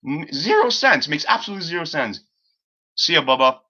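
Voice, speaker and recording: A man's voice: a little high, fast talker, bright, forceful tone. A man hosting a casual live stream, rambling through an exasperated story and swearing freely. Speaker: livestream host. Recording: slightly dull lo-fi stream audio.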